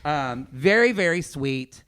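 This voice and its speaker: A man hosts a podcast and tells a story in casual, chatty fashion. His voice sits a little high and swoops up and down, and he plays out everyone else's lines as he goes. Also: slow pace, smooth, dry recording. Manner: animated anecdote-telling, acting out other people's lines. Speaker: podcast host.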